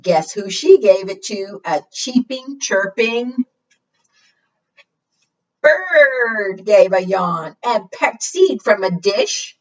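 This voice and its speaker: A woman reads picture books aloud to preschoolers, slow and sing-song with a pitch that leaps around. She coaxes the children to guess and roar along. The sound is dull and slightly distant. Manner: sing-song, animated, coaxing audience participation. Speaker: children's librarian, storytime host.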